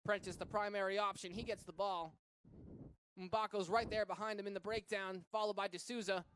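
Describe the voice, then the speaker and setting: A man from Massachusetts doing live play-by-play rugby commentary, getting excited when big plays happen. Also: high-pitched, moderate pace, a little hiss or hum.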